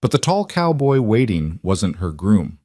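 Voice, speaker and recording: Low-voiced male story narrator. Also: no room sound, studio quality. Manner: steady, measured storytelling. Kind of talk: scripted audiobook narration.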